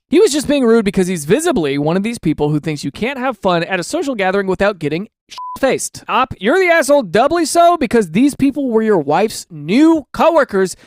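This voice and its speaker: A man's voice: sits high, no echo, clean studio sound. A man giving comedic reaction commentary on forum posts, ranting sarcastically with mock-outraged questions.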